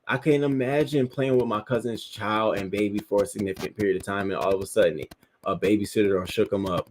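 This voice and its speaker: Male host, low voice, heated and profane, reacting to news and viewer comments. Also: fairly even intonation, fast talker, a little hiss or hum. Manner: emphatic, profane, heated outrage.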